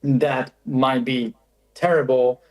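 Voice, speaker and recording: A man speaking as a guest in a calm, measured, reflective conversation. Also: medium pitch, poor audio.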